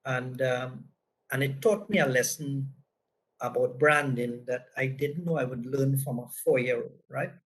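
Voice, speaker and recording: A man's voice: medium pitch, steady tone, measured pace, poor audio. Trinidadian man telling a business story. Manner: conversational, frequent "right?" tags. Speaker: presenter. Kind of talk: anecdotal business talk.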